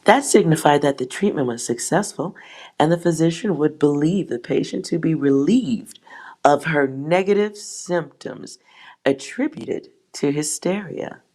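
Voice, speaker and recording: A woman's voice: low-pitched, measured pace, darkish tone. A woman hosting a tarot channel, reading a history text aloud and breaking off with sighs and wry asides. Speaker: tarot reader host.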